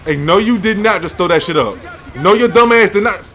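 A young man commentating his own basketball video game, loudly cursing and trash-talking his teammates. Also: high voice, expressive, a little fast. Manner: loud, profane trash talk at teammates. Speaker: gamer. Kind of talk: live gameplay commentary.

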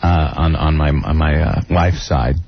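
A man co-hosting a radio show, telling a story with lively, mocking impressions. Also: a little slow, creaky, slightly rough, no room sound. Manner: animated storytelling, mocking high-voiced impressions. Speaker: radio co-host. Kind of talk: morning radio banter. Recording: dull lo-fi radio broadcast.

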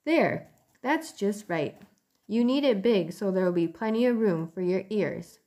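A woman voicing an eager, earnest young boy in a storybook reading, pitched up above her own voice. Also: animated, a little slow, dark tone. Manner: eager, earnest, a bit reproachful.

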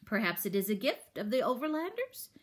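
A calm, courteous grown man, as a woman reading a storybook puts him on, choosing formal, old-fashioned words. His delivery stays measured, though the voice still rises and falls in a lively way. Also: a little high.

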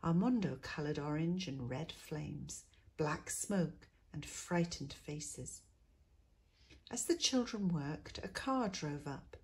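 A woman teacher reading a picture book aloud to schoolchildren, expressive and dropping to a hush in quiet moments. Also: sits low, slow pace, husky. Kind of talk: storybook read-aloud.

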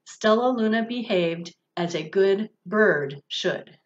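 A woman reads a children's storybook aloud, very slowly and gently, with expressive phrasing. Her voice sits in a middle pitch. The recording sounds somewhat dull and lo-fi. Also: noisy background. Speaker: director of religious education.

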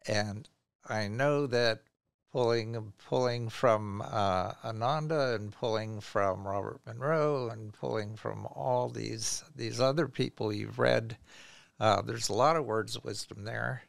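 Man, podcast host, slow halting speech, gravelly, dry sound. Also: fairly low pitch, dry recording. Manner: slow, halting, gentle questions. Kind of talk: interview.

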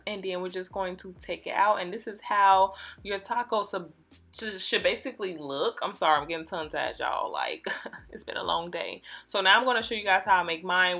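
A young adult woman casually walking viewers through a recipe in her home kitchen, chatty and relaxed. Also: fairly low pitch. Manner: chatty, relaxed, addresses viewers as y'all and you guys. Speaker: cooking vlogger. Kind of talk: casual cooking tutorial. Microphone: phone camera.

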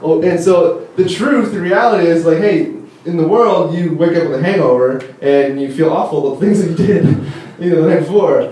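A fairly high-voiced young man preaches in a loose, chatty way, piling up fillers as he tells stories with enthusiasm. He sounds distant from the mic, his voice echoing around a big hall with a faint hum beneath. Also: brisk, mellow. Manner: rambling, filler-heavy, enthusiastic storytelling. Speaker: conference speaker. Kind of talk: casual sermon teaching. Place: church hall. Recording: echoey hall from far off.

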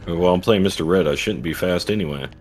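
Super deep voiced guy, mumbly and laid back, gaming with a buddy. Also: quick pace, a little mellow. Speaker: co-streamer. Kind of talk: casual co-op gameplay chat.

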